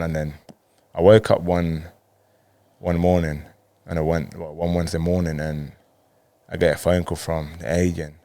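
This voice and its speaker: A young man from Colombia, a professional footballer telling his story in a laid-back way, acting out quick bits of dialogue. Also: low voice, little pitch movement, dark tone, no room sound. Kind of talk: casual storytelling interview.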